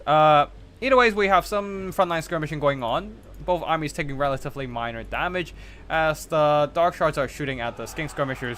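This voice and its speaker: A man's voice: a little high, fairly bright tone, a little hiss or hum. A man with a slightly raised voice casts a strategy game tournament live. He talks loosely and conversationally, breaking off his play-by-play to answer viewer chat. The sound comes across as a streamer speaking into a desk mic.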